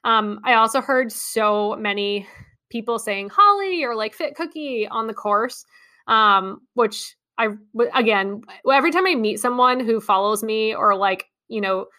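A young adult woman hosting a podcast, telling a story in a chatty, excitable way with many ums and likes. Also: fairly high pitch, a little slow. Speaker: podcast host. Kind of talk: casual monologue recap.

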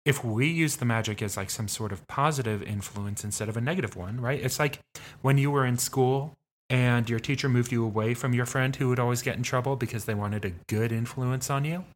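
A man's voice: medium pitch, a little fast. A man playing a tabletop game, talking in character in an easygoing way. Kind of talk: casual in-character play.

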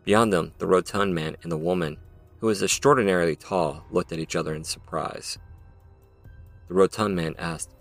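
A man's voice: low voice, normal speed, soft background music. A man narrating his own audio drama in a dramatic storytelling manner. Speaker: narrator and author.

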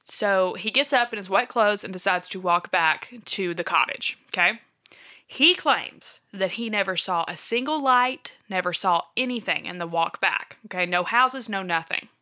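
A woman's voice: medium pitch, normal speed, pushed and bright. A woman casually retelling a true-crime case from her notes, with many fillers like "um" and "like". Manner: chatty, filler-heavy, checks her notes. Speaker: podcast co-host.

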